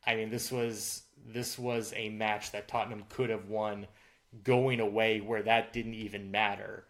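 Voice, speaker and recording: A man's voice: on the low side, flat delivery, unhurried, a bit bright. A man co-hosting a sports podcast, chatting casually about football results with lots of fillers and restarts. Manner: filler-heavy, restarts often. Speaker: podcast co-host.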